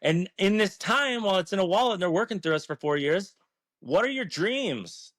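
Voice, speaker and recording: A man's voice: sits high, expressive, moderate pace, a bit bright, no room sound. A man talking as an interview guest, earnest and emphatic, swearing freely as he makes his case. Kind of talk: passionate casual talk.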